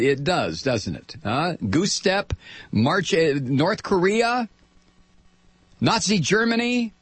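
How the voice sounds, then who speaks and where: An older man holds forth on talk radio in a combative, sarcastic monologue. His husky voice swings widely in pitch, and the studio sound is close and dry. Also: dry recording. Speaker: radio talk show host.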